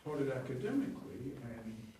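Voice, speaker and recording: An older stage actor in his seventies recounts his early career in a lively, up-and-down voice, chuckling and breaking off to correct himself. He is recorded from some distance in a roomy, echoey space with a faint hum of ambience behind him. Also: medium pitch, moderate pace. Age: 70s. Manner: rambling, chuckling, self-correcting. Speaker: stage actor and acting teacher. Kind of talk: anecdotal interview storytelling. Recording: echoey room, distant mic.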